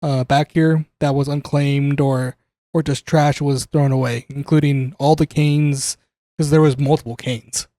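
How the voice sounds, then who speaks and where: A man's voice: a little high, level tone, a little slow, dark tone, dry recording. A young adult man telling a work story on a podcast in casual chat, swearing, laughing and acting out what people said. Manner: profane, laughing, acts out quoted dialogue. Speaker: podcast co-host.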